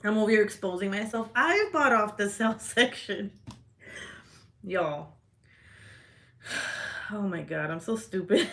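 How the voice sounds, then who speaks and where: A woman's voice: mid-range voice, fairly bright tone. A woman hosting a casual livestream chat, laughing often and swearing freely as she reacts to comments. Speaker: livestream host. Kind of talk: casual live-stream chat.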